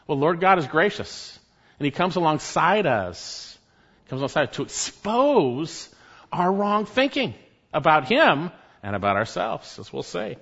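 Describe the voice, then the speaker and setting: A man preaching a sermon, emphatic, rising to loud exhortations and dropping to low, quiet stresses. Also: sing-song, measured pace, creaky, slightly rough, dull audio.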